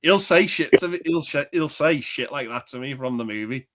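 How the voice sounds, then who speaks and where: A man's voice: mid-range voice, brisk. Rambling man chatting about films. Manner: rambling, quotes film lines, laughs often. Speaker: podcast co-host. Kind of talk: casual film chat.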